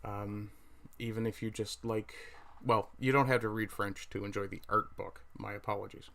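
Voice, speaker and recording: A man's voice: on the low side, little pitch movement, moderate pace, creaky, fairly bright tone. A middle-aged man from Newfoundland with a Newfoundland accent, hosting a casual livestream, rambling and correcting himself as he browses and talks to viewers. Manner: rambling, self-correcting, chatty asides while browsing. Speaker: livestream host.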